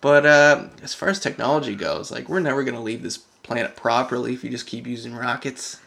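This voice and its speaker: A man's voice: medium pitch, fairly quick, vocal fry, a bit bright. A man, rambling loosely and swearing casually in a casual podcast chat.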